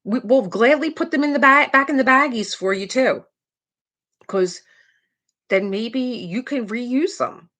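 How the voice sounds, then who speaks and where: A woman's voice: on the high side, measured pace, a bit bright. A middle-aged woman hosting a live craft stream, chatting casually and rambling with her viewers. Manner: rambling, chatty, trails off and restarts. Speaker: diamond painting livestream host.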